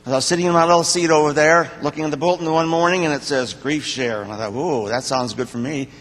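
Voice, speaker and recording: An older man giving a personal testimony to a church congregation, speaking in a plain, halting, heartfelt way. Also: a little high, a bit bright. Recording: long reverb of a church hall.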